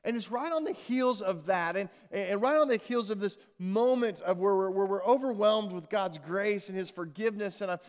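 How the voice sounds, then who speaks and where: A man with a high voice delivers a sermon in an earnest, halting way, doubling words as he goes. He pushes hard on key phrases and then drops almost to a hush. The sound carries a long reverb, as in a large church sanctuary. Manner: earnest, restarts words often, swings from loud emphasis to soft. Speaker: pastor.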